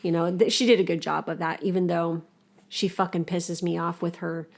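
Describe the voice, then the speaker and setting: A woman's voice: on the low side, flat delivery, fairly quick, gravelly. A young adult woman co-hosting a casual podcast, blunt and emphatic, swearing freely as she gives advice. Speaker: podcast co-host.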